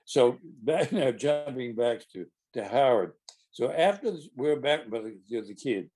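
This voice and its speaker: A man's voice: medium pitch, expressive, a little slow, warm tone. An older man, a stage actor, telling a rambling, amused backstage anecdote with frequent restarts. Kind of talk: casual anecdotal storytelling.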